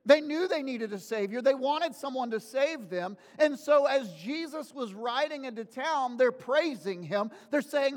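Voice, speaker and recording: Male pastor, sermon delivery, animated storyteller, higher voice, big reverberant sanctuary. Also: unhurried, hardly any pauses. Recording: long hall reverb.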